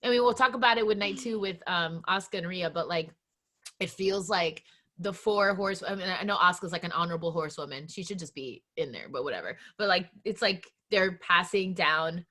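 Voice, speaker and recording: A woman's voice: lowish voice, a little fast, sharp tone. A woman co-hosting a casual podcast chat, emotional and swearing freely, with many restarts. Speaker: podcast co-host.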